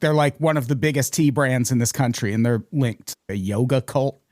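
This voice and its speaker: A man's voice: medium pitch, brisk, darkish tone. An American man hosting a podcast, trading sarcastic jokes in casual chat. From United States. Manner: joking, sarcastic banter. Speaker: podcast host.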